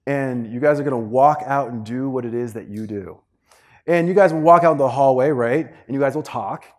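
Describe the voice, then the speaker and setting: A man giving a motivational workshop talk with energetic, playful storytelling. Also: mid-range voice. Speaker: workshop speaker.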